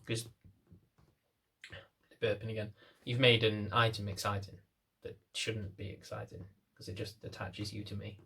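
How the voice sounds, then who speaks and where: A man's voice: lowish voice, flat delivery, unhurried, vocal fry, sharp tone, breathy edge. A young man, a dog trainer, talking casually to camera in a blunt, rambling, self-mocking way.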